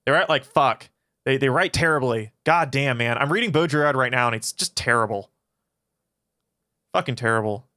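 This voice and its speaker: A man's voice: mid-range voice, normal speed, pushed and bright, no room sound, clean studio sound. A man casually answering chat questions on a livestream, swearing often and rambling through his answers. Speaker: philosophy channel streamer.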